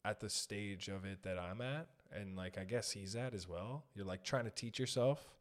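A man's voice: lowish voice, normal speed. Brief: man, comedian host, laid-back, rambling, dry teasing. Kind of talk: casual chat.

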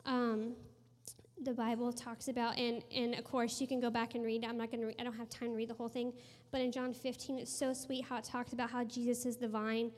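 A woman in her thirties giving an earnest sermon testimony and prayer to a room, telling stories and dropping to a hushed voice for emphasis. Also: a little high, flat delivery, fairly quick. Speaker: speaker sharing a testimony. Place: room with a gathered audience. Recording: long hall reverb.

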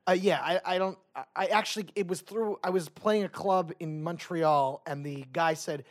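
A man's voice: fairly high pitch, fairly even intonation, normal speed, hardly any pauses. A man telling a rambling story on a casual comedy podcast, full of restarts and asides.

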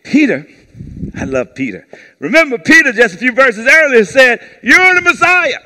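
Male pastor, high-pitched and forceful, leading call-and-response preaching in a church. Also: normal speed. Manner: lively call-and-response preaching, asks the congregation to repeat words; acts out brief quoted voices in a lowered tone. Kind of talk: sermon. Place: church service before a congregation.

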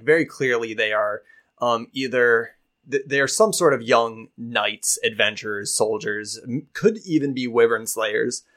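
Brief: male game master, relaxed narration, filler-heavy. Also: mid-range voice. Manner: casual, hesitant, many fillers.

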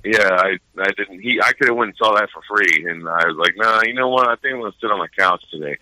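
A man chats casually on a podcast in a bright, forceful voice that sits a little low, rambling in a laid-back way and swearing freely. The sound is dry and close, with no room echo. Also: quick pace. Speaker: podcast host. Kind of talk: casual chat.

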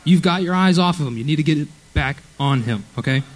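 A man's voice: a little high, fast, poor audio. A young man preaching at a church youth service, earnest and conversational, often checking in with "okay?". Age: young adult. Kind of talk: sermon.

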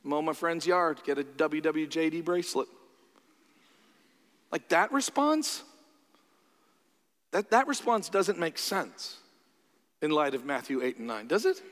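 A man delivers a sermon in an informal, lively way, slipping in quick acted-out voices as he goes. His voice sits a bit high for a man, and it rings with the long echo of a large hall. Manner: conversational, animated, acts out quoted voices. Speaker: preacher.

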